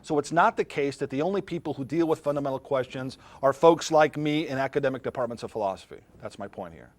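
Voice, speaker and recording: A middle-aged man lectures on philosophy to a class. His delivery is conversational and unscripted, with pauses to put questions to the room. His voice sits at an ordinary pitch for a man. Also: animated, no room sound. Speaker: philosophy professor.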